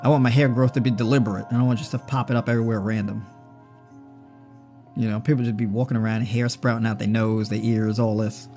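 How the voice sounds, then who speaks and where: A man's voice: on the low side, little pitch movement, quick pace, mellow, faint music behind. A man hosting a casual livestream on diet, joking and conversational, often tagging his points with "right?". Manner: joking, conversational, tags with "right?" and "you know". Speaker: livestream host. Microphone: personal mic.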